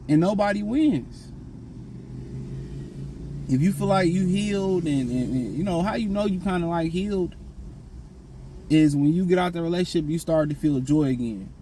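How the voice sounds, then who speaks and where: A man's voice: fairly high pitch, normal speed, pauses often, dark tone, slight background noise, low-quality recording. A man giving blunt, slangy dating and self-improvement advice in a casual, repetitive monologue.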